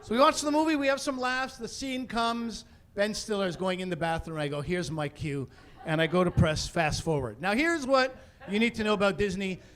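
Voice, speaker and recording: Stand-up comic, man in his forties, high voice, animated storyteller who ramps into fake outrage. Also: a little fast. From Canada. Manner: animated storyteller building to mock-indignant rants. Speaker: stand-up comedian. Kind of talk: stand-up comedy routine. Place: comedy stage before a live audience.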